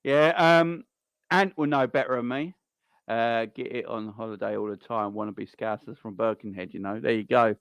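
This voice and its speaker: A man talking casually through a live football watchalong, rambling and answering his viewers between the action. His voice sits at an ordinary middle pitch. It is picked up dry and close, with no room sound around it. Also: fairly even intonation, normal speed, fairly bright tone, smooth, no echo. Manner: chatty and rambling, greets viewers and answers chat. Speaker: live-stream host.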